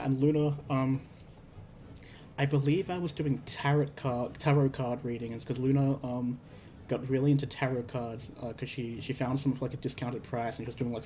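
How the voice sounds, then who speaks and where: A man's voice: medium pitch, mellow, a little hiss or hum. A man casually recounting a tabletop game session, rambling with lots of fillers and restarts. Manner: rambling, filler-heavy, acts out characters. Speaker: streamer telling a tabletop game story. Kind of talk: casual storytelling.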